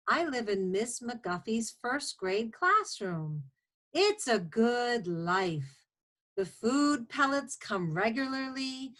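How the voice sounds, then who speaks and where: Woman, high bright voice, slow and expressive, children's picture book reading. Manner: expressive, animated storybook reading. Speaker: children's story time reader.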